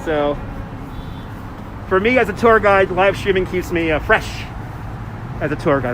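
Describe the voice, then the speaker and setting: A man's voice: sits high, lively intonation, moderate pace, pauses often. A man hosting a live walking tour outdoors, chatting to viewers and greeting them by name, recorded on a phone on a gimbal. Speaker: tour guide and livestream host. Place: outdoors on a city bridge and promenade. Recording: loud urban traffic noise.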